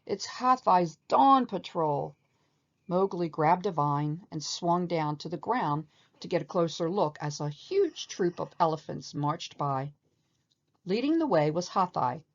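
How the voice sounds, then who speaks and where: Expressive woman reading a storybook aloud. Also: low voice, a little slow, dull audio. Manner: expressive and animated. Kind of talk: storybook read-aloud narration.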